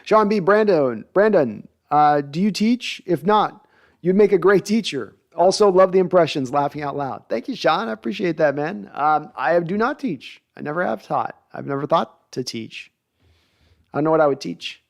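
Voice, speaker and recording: A man hosting a sports podcast livestream reads viewer comments in a casual, chatty, self-deprecating way. His voice is a little high with vocal fry, animated, and delivered at normal speed.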